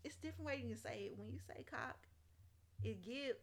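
A woman's voice: fairly high pitch, a little fast. A woman hosting a podcast in casual chat, playful and slangy, laughing often. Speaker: podcast host.

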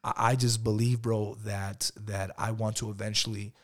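A man's voice: on the low side, little pitch movement, normal speed. A man in his thirties, a guest in a casual interview, talking loosely and calling the host "bro" again and again. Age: 30s. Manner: keeps saying "bro", loose and chatty. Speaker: podcast guest, business owner.

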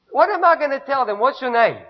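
Man doing a nervous, pleading elder who makes excuses, high voice, lo-fi sound. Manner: pleading, anxious. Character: reluctant, self-doubting older man pleading with God. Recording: dull lo-fi recording.

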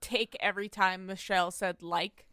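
A woman's voice: mid-range voice, steady tone, moderate pace, sharp tone, no room sound, studio quality. A woman co-hosting a podcast in casual chat, telling wry stories and teasing her co-host.

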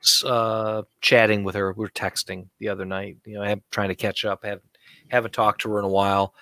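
A man's voice: fairly low pitch, flat delivery, brisk, sharp tone, dry recording. A man co-hosting a talk show, ranting bluntly and heatedly about politics and money.

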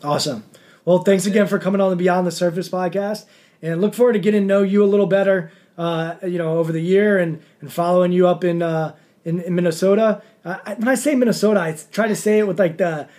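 A man's voice: sits high, fast talker. Chatty male podcast host. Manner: relaxed, chatty, many fillers. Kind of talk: casual interview.

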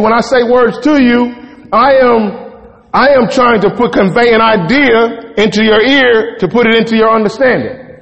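High-voiced preacher in a reverberant hall. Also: male voice. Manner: conversational preaching, asks "right?" often. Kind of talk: sermon.

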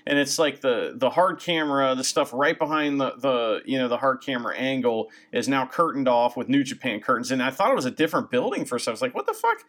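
A man co-hosting a casual podcast, talking in a relaxed way with some swearing. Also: mid-range voice, a little fast, hardly any pauses. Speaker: podcast co-host. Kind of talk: casual wrestling chat.

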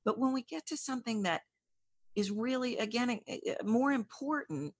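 A woman's voice: on the high side, animated, normal speed, no room sound. A woman speaking as a guest coach in an interview, earnest and encouraging, sometimes repeating words as she gathers her thoughts. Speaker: voice and communication coach. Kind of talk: conversational interview.

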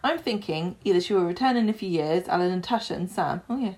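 A woman's voice: lowish voice, lively intonation, fast, darkish tone. A woman co-hosting a casual podcast, chatting and reading listener messages aloud. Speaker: podcast co-host.

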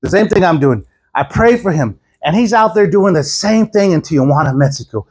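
A man preaching a sermon at a church service, telling stories with animated quoted voices and chuckles. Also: a little high, normal speed, slightly rough. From Houston, Texas. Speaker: guest preacher.

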